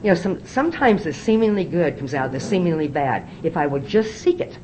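An older woman tells her story to a meeting, her voice leaping up and down as she acts out each exchange. She talks quickly and confidingly, with a lowish tone. A faint rumble sits behind her. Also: very animated, a little mellow, low-quality recording. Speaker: AA speaker. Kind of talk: recovery meeting talk, storytelling.

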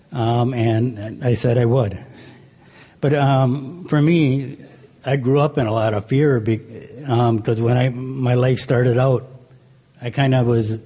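A man giving a hesitant, halting talk about his own recovery, often clearing his throat. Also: mid-range voice, warm tone, lo-fi sound. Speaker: convention speaker.

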